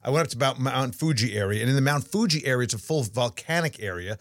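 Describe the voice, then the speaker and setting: A middle-aged man co-hosts a podcast and tells stories in an animated, casual way, often restarting his sentences. His pitch swings widely, and the close sound is dry. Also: quick pace, no echo. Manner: animated storytelling with frequent restarts. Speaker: podcast co-host. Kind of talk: casual chat.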